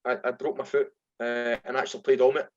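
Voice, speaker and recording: Scottish ex-footballer telling stories. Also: male voice, medium pitch, quick pace, highs cut off. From Scotland. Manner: animated anecdotes, acts out voices in quotes. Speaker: former footballer, guest. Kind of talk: casual storytelling.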